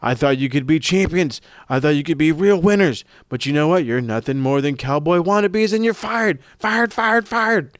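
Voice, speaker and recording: A man's voice: fairly high pitch, expressive, brisk, few pauses, no room sound, clean studio sound, natural voice. A man mimicking a scolding female wrestling manager who rants indignantly. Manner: indignant ranting delivery.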